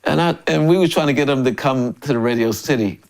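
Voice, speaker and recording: An older man in his sixties from Memphis, a drummer and interview guest, telling stories in a lively way, often laughing and acting out other people's lines. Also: medium pitch, fast talker, gravelly. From Memphis, USA. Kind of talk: casual storytelling interview.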